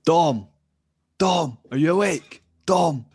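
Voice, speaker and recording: Man doing a grandiose kobold, stubborn, insistent, dramatic pauses, dry close sound. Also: fairly low pitch, steady tone, no echo. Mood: calling. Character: earnest male kobold adventurer, grandiose and stubborn.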